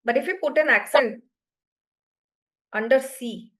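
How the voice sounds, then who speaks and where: A woman's voice: high-pitched, unhurried, fairly bright tone. A woman teaching French to beginners in an online class, explaining patiently and often checking that students follow.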